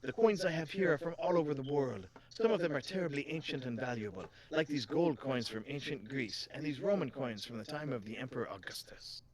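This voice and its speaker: Man doing a kindly female shopkeeper, chatty, shaky put-on accent, low voice. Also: expressive, a little fast, few pauses, over a noisy crowd, close to an everyday voice. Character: kindly female coin shop owner, chatty. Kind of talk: voicing a game character.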